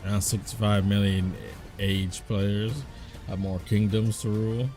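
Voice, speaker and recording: Low, dark-voiced man reacting aloud. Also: level tone, a little slow. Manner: thinks out loud, guessing and second-guessing. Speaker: reaction video host. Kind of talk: casual live reaction commentary. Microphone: desk microphone. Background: faint trailer music.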